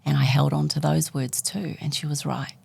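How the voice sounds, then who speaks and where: A woman's voice: deep voice, steady tone, normal speed, creaky, a little mellow, breathy edge. A woman, a guest author telling a personal story in conversation and acting out the dialogue as she goes.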